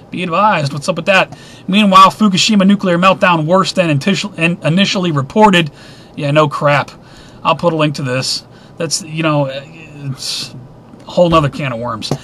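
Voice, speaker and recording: Middle-aged male host, high pitch, casual news roundup, sarcastic opinionated asides. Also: pushed and bright, a little hiss or hum.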